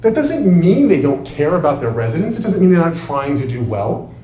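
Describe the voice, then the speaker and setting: Heard from far off in an echoey hall, a man whose voice sits on the high side addresses an audience as a trial lawyer. He talks emphatically and animatedly in rapid bursts, with a bit of background noise on the recording.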